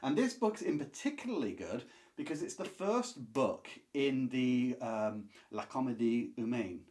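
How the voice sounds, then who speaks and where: Lively, chatty male book reviewer. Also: mid-range voice, unhurried. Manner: enthusiastic, chatty, with asides and restarts. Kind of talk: casual book review to camera.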